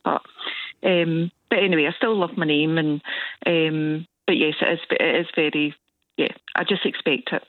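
A Scottish woman talks chattily and with amusement as a caller to a radio show. Her voice is a little low. It comes through a tinny phone line and sounds dry. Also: steady tone, normal speed, dry recording. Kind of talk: phone-in chat.

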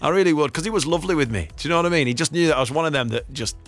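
A man's voice: fairly high pitch, racing, a bit bright, soft background music. A man from England, hosting a radio show in playful, jokey banter. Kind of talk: casual radio chat.

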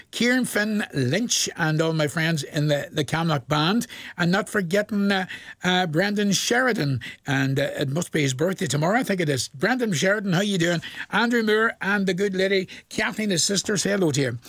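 A Northern Irish man presenting a radio show, reading out shout-outs and requests in a rambling, folksy way and hesitating over long lists of names. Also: on the high side, dry recording, studio quality.

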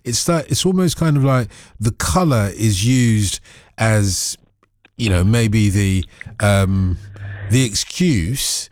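Lively, teasing man in casual chat. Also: medium pitch, no room sound, studio quality. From Nigeria. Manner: playful, teasing, mimics accents. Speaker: conversation partner.

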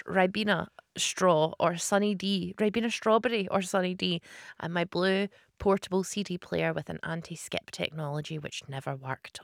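A woman's voice: low voice, gravelly, no echo. A woman hosting a radio show, chatting casually, laughing often and reading out listener messages on a studio mic. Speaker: radio host. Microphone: studio microphone.

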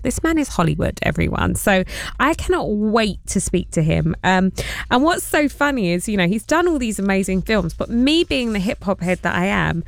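A woman's voice: medium pitch, gravelly, dry recording, clean studio sound. A woman presenting a live radio show, chatting in a bubbly way and laughing often. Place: radio studio.

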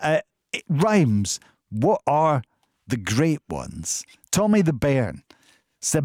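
Lively man hosting a radio show. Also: on the high side, slow pace, dry recording, studio quality. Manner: lively, amused, quotes lyrics with relish. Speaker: radio host. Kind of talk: casual radio chat reading listener messages.

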